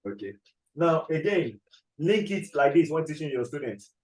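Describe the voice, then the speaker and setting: A man's voice: a little high, sing-song, darkish tone, reverberant, low-quality recording. A man teaching chemistry in a classroom, dictating notes and often checking whether the class follows. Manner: repeats key phrases slowly, checks understanding often.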